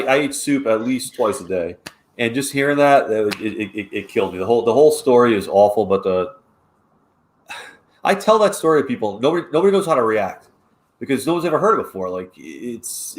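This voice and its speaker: A man's voice: medium pitch, animated, a little fast. A man co-hosting a casual podcast, emphatic and repeating himself when worked up. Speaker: podcast co-host.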